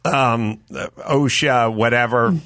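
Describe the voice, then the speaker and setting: A man's voice: mid-range voice, slow, no echo. A middle-aged man hosting a casual comedy talk show, telling stories and acting out both sides of conversations. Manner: animated storyteller, acts out dialogue. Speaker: podcast host.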